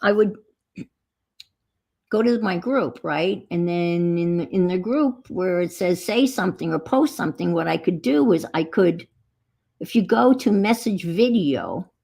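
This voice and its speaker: A chatty woman hosts a casual crafting livestream, wandering from topic to topic and greeting viewers by name. Her voice has a gravelly edge and a husky texture. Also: lowish voice, lively intonation, a little slow, a little mellow. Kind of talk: casual live chat while crafting.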